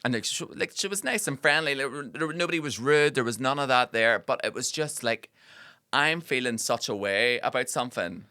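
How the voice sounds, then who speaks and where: A man's voice: mid-range voice, lively intonation, fairly quick, bright, forceful tone, clear, resonant tone, no room sound, studio quality. A man, co-hosting a casual podcast, telling a story animatedly with lots of fillers and swearing. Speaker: podcast co-host. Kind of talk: casual chat.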